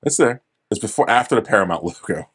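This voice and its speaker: A man's voice: lowish voice, lively intonation, quick pace, husky. A young man co-hosting a casual movie review podcast, rambling, swearing and correcting himself as he recaps scenes. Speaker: podcast co-host.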